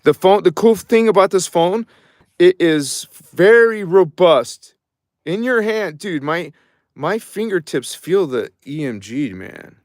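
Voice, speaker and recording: A middle-aged man, hosting a spiritual livestream from his phone. He swings between mumbled casual chatter and fervent shouted invocations. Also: high-pitched, lively intonation, slow pace, no echo, studio quality. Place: by his truck in a cold underground space at night.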